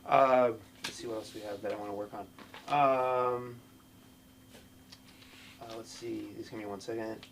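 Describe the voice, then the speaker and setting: A middle-aged man doing a stand-up set at an open mic in a small comedy club, with a halting, self-deprecating delivery full of restarts. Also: lowish voice, steady tone, a little hiss or hum.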